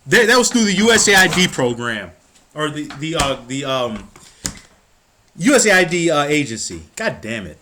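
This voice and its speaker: A man's voice: fairly high pitch, very animated, moderate pace, bright, forceful tone. A man from the United States ranting about politics, heated and profane, stumbling over his words as he gets worked up. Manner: stumbles and restarts when worked up. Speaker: political commentator. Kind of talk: angry political rant.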